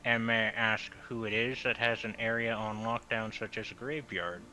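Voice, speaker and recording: A man's voice: lowish voice, steady tone, sharp tone, low-quality recording. A man voicing an ageless male graveyard guardian in a put-on Southern drawl, talking as if chewing on something, dry and unbothered. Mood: unimpressed. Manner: slow drawl, mouth full as if chewing. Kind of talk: tabletop role-play in character.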